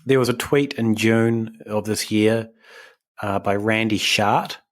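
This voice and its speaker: A man's voice: lowish voice, steady tone, takes it slowly. A young man, co-hosting a podcast, rambling and self-deprecating in casual chat. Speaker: podcast co-host.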